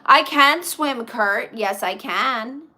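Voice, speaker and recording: A woman hosts a live stream, answering her viewers' comments in easy, chatty talk. Her voice is bright and sits a touch high. She takes her time and speaks at an unhurried pace. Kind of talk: casual live-stream chat.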